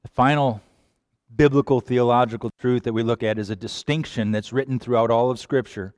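A man preaching a sermon, animated, sometimes acting out quoted voices. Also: mid-range voice, brisk, no room sound, clean studio sound. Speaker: pastor.

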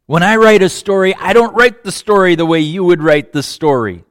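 A man preaching a sermon, with long pauses, shifting between loud emphatic lines and hushed quiet ones. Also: high voice, lively intonation, dry recording, studio quality. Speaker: pastor.

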